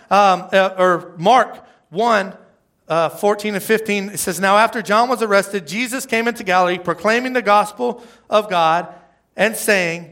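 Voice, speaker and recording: High, bright-voiced male pastor preaching. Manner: conversational, self-deprecating, asks the crowd "right?". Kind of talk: sermon. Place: church service before a congregation.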